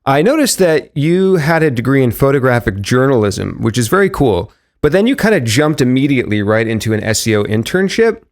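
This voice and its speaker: Lively upbeat male podcast host. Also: mid-range voice, a little fast, few pauses. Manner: upbeat, friendly, jokes about radio-announcer voice. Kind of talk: podcast intro and interview.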